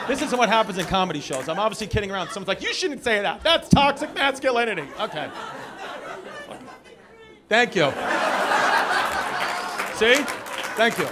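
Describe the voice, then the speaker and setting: High-voiced profane New comic. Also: male voice, background noise. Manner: loose, profane, teasing the audience. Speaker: stand-up comedian. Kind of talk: crowd-work stand-up. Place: small comedy club. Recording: live club with loud crowd laughter.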